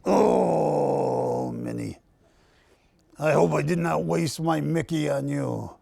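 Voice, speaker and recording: A man voicing an amorous male cartoon mouse, wooing in a low, crooning put-on voice. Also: slow pace, creaky, mellow, no echo, full character voice.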